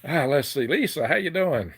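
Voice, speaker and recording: A man's voice: on the high side, expressive, moderate pace, a bit bright, slight background noise. An older man with a Southern US accent hosting a casual live chat into a handheld phone, folksy and chuckling often. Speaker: livestream host.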